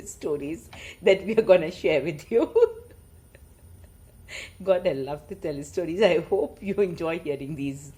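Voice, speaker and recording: A woman's voice: lowish voice, lively intonation, measured pace, long pauses, dark tone. Giggly woman storyteller. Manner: giggly, laughs often. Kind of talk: casual chat and story reading.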